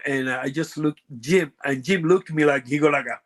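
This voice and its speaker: Puerto Rican man telling halting stories. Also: on the high side, a bit bright. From Puerto Rico. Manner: halting, lots of fillers and restarts, broken grammar. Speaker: guest, former pro wrestler. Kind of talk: casual storytelling interview.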